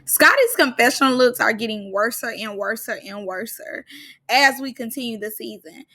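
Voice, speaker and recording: Young woman recapping reality tv, sassy and slangy, high bright voice, gets loud sometimes. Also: a little slow. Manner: animated, sassy, slangy, bursts into shouts. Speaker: reality show recap commentator.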